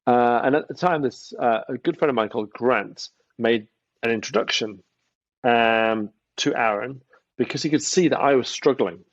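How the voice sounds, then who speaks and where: A man's voice: medium pitch, moderate pace, no echo. A man, a guest entrepreneur, chatting casually in an interview and acting out the voices he quotes. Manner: animated storytelling, acts out quoted voices. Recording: dry, dull lo-fi sound.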